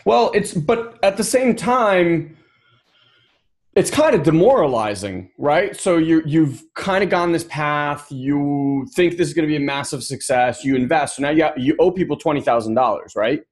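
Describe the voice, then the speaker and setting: A man hosting a podcast interview in a casual way, with a voice sitting a little high. He mostly gives short affirming replies, and when he sums up his guest's points he slows down. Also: animated, a little mellow. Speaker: podcast host.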